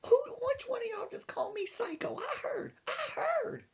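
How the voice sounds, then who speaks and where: A woman's voice: lively intonation, moderate pace, vocal fry, dull audio, background noise, heavily acted. A man voicing a hot-tempered old grandmother who screeches at her grandson. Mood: shrieking. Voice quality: shrill, shrieking.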